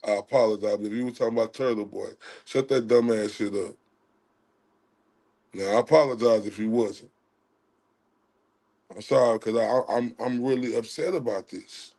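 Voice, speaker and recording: A man's voice: mid-range voice, moderate pace. Heated, profane man ranting on stream. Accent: Southern US. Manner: profane, heated, swings between loud outrage and quiet apology. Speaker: livestream host. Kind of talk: heated livestream rant.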